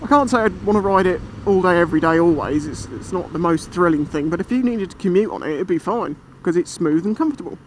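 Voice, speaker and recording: A British man with a fairly high voice tells a story in a chatty, animated way. He swears freely and rambles as he talks. Faint engine and traffic noise sits behind his voice while he rides. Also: fast, few pauses. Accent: British English. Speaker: motorcycle vlogger. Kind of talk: casual storytelling while riding. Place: on a motorbike outdoors.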